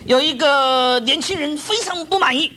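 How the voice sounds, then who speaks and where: A man telling his own story as a testimony, pausing for an interpreter, animated and laughing as he acts out the scenes. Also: very high voice.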